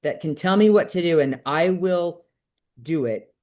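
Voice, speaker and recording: A middle-aged woman, a podcast guest, telling a personal story in candid conversation and acting out quoted voices with sudden jumps in pitch. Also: unhurried, darkish tone.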